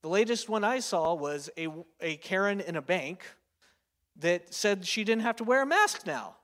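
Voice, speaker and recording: Preacher in his thirties, high voice, casual storytelling sermon, long hall reverb. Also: expressive, normal speed, a bit bright. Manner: chatty, storytelling, lots of filler words and tag questions.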